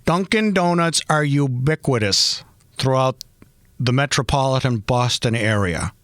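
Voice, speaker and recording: A man's voice: mid-range voice, unhurried, a bit bright, no room sound, studio quality. A man hosting a podcast, chatting casually in a rambling, self-mocking way and laughing often. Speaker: podcast host. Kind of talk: casual podcast monologue and interview.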